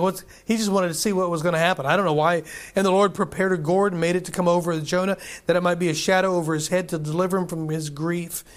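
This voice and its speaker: A male preacher reading scripture aloud and preaching a sermon emphatically, repeating himself and putting questions to the congregation. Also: sits high.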